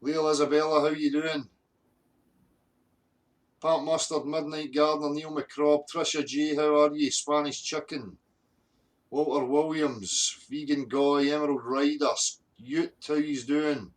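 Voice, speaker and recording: Here is a Scottish livestream host with a higher-pitched voice, speaking in a level tone at a measured pace. He rants bluntly and angrily, swears heavily, and says hello to viewers from the chat.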